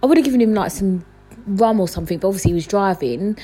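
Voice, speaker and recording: A young woman telling a casual storytime to her viewers, jumping up in pitch when she quotes herself. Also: fast, breathy edge, soft background music. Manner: animated, jumps high when quoting herself. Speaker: vlogger. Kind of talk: casual storytime chat to camera.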